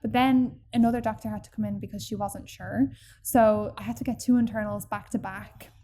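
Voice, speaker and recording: A woman telling a personal story in casual podcast chat, animated and full of fillers. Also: medium pitch, brisk, slight background noise. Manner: chatty and animated, acts out quoted people, many fillers.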